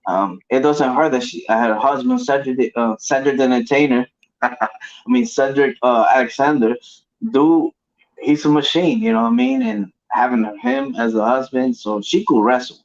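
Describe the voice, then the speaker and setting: Male podcast co-host, casual slangy chatter, mid-pitched, muffled recording. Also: moderate pace. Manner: loose and animated, heavy slang. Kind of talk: casual wrestling chat. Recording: dull lo-fi audio.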